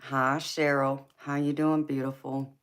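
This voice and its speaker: A woman's voice: rumbling low, level tone, unhurried, clean tone. A woman with a Southern US accent hosting a casual live stream, laughing often and calling her viewers baby and honey. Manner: laid-back, giggly, calls viewers baby and honey. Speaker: tarot reader and livestream host.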